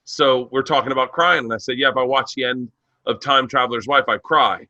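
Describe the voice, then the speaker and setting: A man with a bright, forward voice tells stories in loose podcast chat. He acts out everyone he quotes and laughs without holding back. The sound is dry and close to the mic. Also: mid-range voice, fairly quick, no echo, highs cut off. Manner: animated storyteller who acts out voices and laughs hard. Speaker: stand-up comedian.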